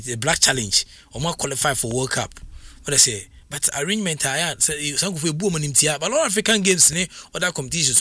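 Bright-voiced Ghanaian radio host. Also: male voice, fairly high pitch, no echo. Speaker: radio talk show host. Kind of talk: sports radio talk.

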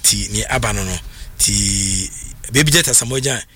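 A man's voice: on the low side, moderate pace, bright, forceful tone, a little hiss or hum. A man with a Ghanaian accent hosting a radio sports news segment, talking casually with lots of fillers and restarts. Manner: hesitant, many fillers and restarts. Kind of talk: radio sports news chat mixing Twi and English.

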